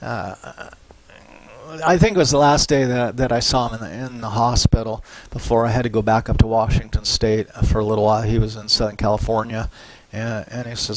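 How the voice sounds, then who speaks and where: A middle-aged man giving a university psychology lecture in a relaxed, conversational way, often tagging on "right?" and "you know". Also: mid-range voice, fairly quick, low-quality recording. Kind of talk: recorded lecture.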